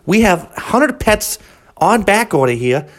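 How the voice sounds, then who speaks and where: A man's voice: sing-song, a little slow. A man voicing a flustered animal-shelter ad announcer who keeps redoing his takes. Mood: irritated. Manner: cheery ad pitch breaking into irritated rants.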